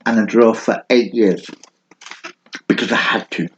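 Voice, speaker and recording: A man's voice: lowish voice, fairly even intonation, unhurried. A man in his fifties, a podcast co-host telling stories in casual chat and laughing often. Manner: chatty storyteller, laughs often. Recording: dull lo-fi sound, faint noise.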